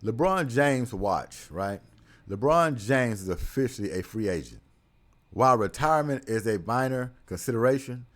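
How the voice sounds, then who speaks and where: A man hosting a casual sports talk show, speaking animatedly, with frequent laughter and loud whoops. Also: on the low side. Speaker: sports commentary host.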